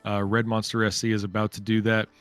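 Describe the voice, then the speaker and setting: A man's voice: lowish voice, flat delivery, fast, a bit bright, clear, resonant tone. A man commentating a live-streamed space ship race, chatty and thanking viewers by name.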